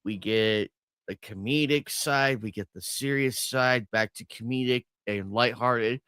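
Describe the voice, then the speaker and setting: A man's voice: medium pitch, a little slow, fairly bright tone, clean tone, no echo. A man co-hosting a watch party stream, chatting enthusiastically about cartoon episodes, laughing easily. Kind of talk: casual chat reviewing cartoon episodes.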